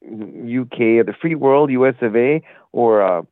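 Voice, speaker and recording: A man's voice: mid-range voice, unhurried, dry recording. A man calling in to a talk show, rambling and indignant, losing his thread at times. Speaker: caller. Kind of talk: call-in rant. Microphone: phone call. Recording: tinny phone line.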